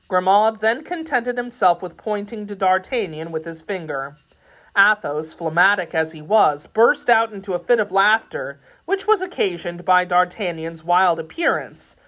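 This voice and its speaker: A woman reading a classic novel aloud as an audiobook narrator, in steady, even storytelling. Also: lowish voice, measured pace, rough recording. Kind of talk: scripted narration.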